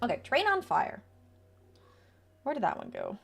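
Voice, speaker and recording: A young woman streaming a game, chatting casually, swearing and reacting excitedly while she plays. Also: mid-range voice, moderate pace, gravelly, slightly rough. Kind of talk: playing a game on stream and reading dialogue aloud. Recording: faint music behind.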